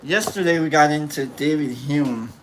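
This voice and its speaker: A teacher giving a casual philosophy lesson, reading from a book and thinking out loud, with many fillers and self-corrections in a laid-back, jokey way. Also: mid-range voice, moderate pace, a little hiss or hum.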